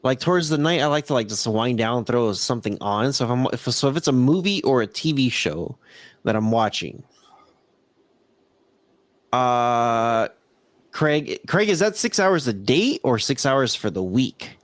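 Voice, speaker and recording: A man with a Southern Californian accent co-hosting a casual live-stream podcast, laid-back and quick to laugh, playing with accents. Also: mid-range voice, sing-song, dry recording. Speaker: podcast co-host.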